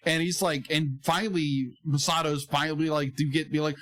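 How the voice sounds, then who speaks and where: A man's voice: a little high, steady tone, moderate pace, a bit bright. A man co-hosting a casual podcast review, rambling and retelling scenes. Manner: rambling, heavy on "be like" fillers. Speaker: podcast co-host.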